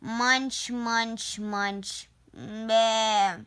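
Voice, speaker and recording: A woman's voice: on the high side, clear, resonant tone. A woman doing placid munching sheep. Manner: flat, slow chewing sounds and bleats. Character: placid flock of grazing sheep.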